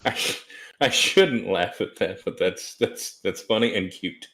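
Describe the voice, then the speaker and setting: A man's voice: low voice, a little slow, fairly bright tone. A man chiming in on a livestream with amused, laughing remarks. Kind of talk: casual chat.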